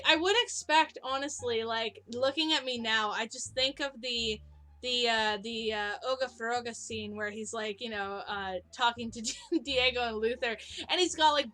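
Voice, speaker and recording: A young woman co-hosting a casual video-call hangout, telling animated stories with frequent laughs. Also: a little high. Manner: animated storyteller, laughs often. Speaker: co-host.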